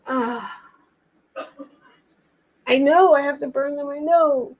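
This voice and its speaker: A young adult woman with a high voice speaks slowly while hosting a true crime livestream. She chats casually, rambling and flustered, and laughs easily.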